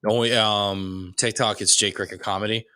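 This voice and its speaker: A young adult man, a stand-up comedian guest on a podcast, chatting in a laid-back way with swearing and quick stories. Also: fairly low pitch, steady tone, bright, forceful tone, smooth, no echo, studio quality. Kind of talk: casual podcast chat.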